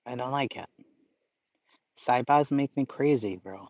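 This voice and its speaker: A man talks to his live chat in a loose, excitable way, and his swearing comes easily. His voice sits in a middle register, and the audio is dull and lo-fi. The sound is dry, with no room around it. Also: medium pitch, a little slow, long pauses, dry recording. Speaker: livestream host. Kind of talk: casual livestream chat.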